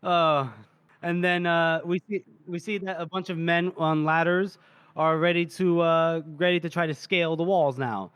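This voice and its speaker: A man's voice: a little high, steady tone, normal speed, a bit bright, clean tone, no echo. A young man co-hosting a casual book podcast, retelling scenes and reading out characters' lines between laughs. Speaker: podcast co-host. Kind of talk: casual book-discussion chat.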